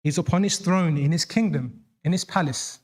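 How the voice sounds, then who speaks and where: A man's voice: moderate pace, a little mellow. Man preaching a dramatic sermon. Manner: dramatic, voices quoted lines with rising pitch. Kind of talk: sermon storytelling.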